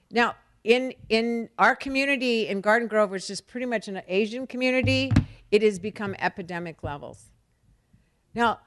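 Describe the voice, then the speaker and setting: A middle-aged woman from the United States giving an animated storytelling speech at a fundraising event. She acts out quoted dialogue and repeats words for emphasis. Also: medium pitch. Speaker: speaker at a fundraising dessert. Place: event hall.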